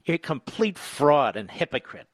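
A man's voice: fairly high pitch, very animated, moderate pace, no room sound. A man hosting talk radio, delivering combative, sarcastic commentary.

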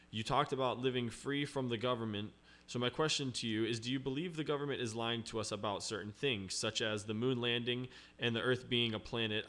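A man hosting a podcast, reading listener questions aloud in a plain, steady voice. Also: medium pitch.

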